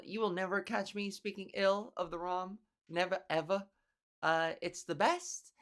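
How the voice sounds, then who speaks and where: A woman's voice: mid-range voice, gravelly, fairly bright tone. Woman podcaster, solo comedic monologue, dry and meandering. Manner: wry, rambling comedic storytelling with casual swearing. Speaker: podcast host.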